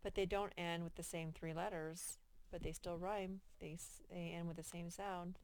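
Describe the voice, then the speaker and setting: A woman's voice: lowish voice, level tone, normal speed, darkish tone, smooth. A woman teaching sight words to young children, patiently stretching out the sounds of each word. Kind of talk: reading lesson for young children.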